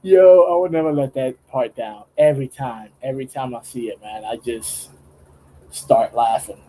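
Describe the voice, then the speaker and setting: A man's voice: medium pitch, unhurried, dark tone, a little hiss or hum, poor audio. A young man chatting casually on a late-night livestream, rambling with restarts and laughing a lot. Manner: laughs often, rambling with many restarts, slangy. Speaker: streamer. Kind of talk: casual livestream chat while drawing. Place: home studio, late night.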